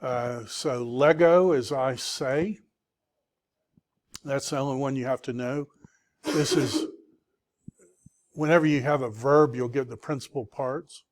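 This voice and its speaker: Slow-paced man teaching Greek vocabulary. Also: medium pitch. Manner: patient, checks in with students. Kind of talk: classroom lecture.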